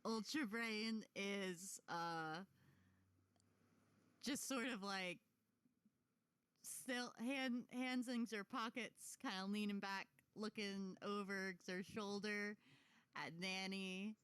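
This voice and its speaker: Slow, halting woman game master. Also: medium pitch, fairly bright tone, clean tone, no echo. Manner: halting, full of fillers, giggly. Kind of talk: casual tabletop role-play narration.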